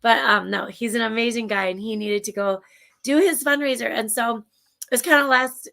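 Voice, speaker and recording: A woman's voice: fairly high pitch, moderate pace, gravelly, bright, forceful tone. A woman with a Minnesotan accent, co-hosting a livestream show, chatting enthusiastically and rambling with restarts over a video call. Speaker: show co-host. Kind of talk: casual livestream chat.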